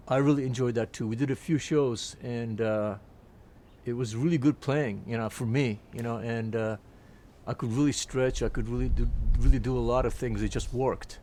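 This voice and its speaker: Older man of about 80; mid-pitched, chatty raconteur who restarts his sentences and acts out quotes. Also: slight background noise. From Turkey. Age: around 80. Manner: lively anecdotes, quotes people in put-on voices, frequent restarts. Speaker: jazz pianist. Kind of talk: reminiscing storytelling.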